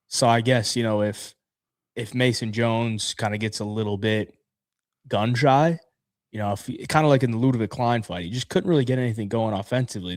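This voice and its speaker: A man's voice: mid-range voice, dry recording, clean studio sound. A man co-hosting a casual fight-picks show, laid-back and chatty, reading sponsor plugs too. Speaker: podcast co-host.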